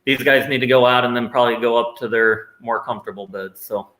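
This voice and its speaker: A man's voice: mid-range voice, fairly even intonation, quick pace, pushed and bright, reverberant, poor audio. A man co-hosting a live stream, chatty and reading out viewer comments. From Nebraska, USA. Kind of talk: casual live stream chat.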